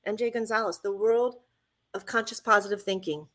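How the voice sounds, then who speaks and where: Woman radio host, fervent affirmations, bright tone. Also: mid-range voice, steady tone, fairly quick. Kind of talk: inspirational radio talk.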